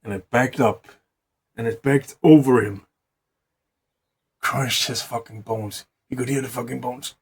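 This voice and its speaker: Husky guy making up a story as he goes, lots of swearing. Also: medium pitch, steady tone, measured pace, pauses often. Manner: rambling, profanity-laced, restarts words. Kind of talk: improvised casual storytelling.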